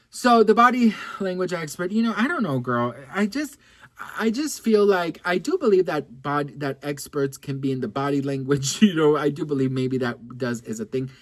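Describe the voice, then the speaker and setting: There's no echo as this man, his voice sitting on the high side, talks celebrity gossip straight to the camera. He's chatty and campy, curses freely, leans on "girl," and rambles with plenty of restarts and side comments.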